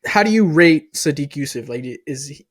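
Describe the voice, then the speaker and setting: A man's voice: a little high, animated, normal speed. Easygoing male podcast co-host. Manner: easygoing, laughs along, leads the questions. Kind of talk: casual chat.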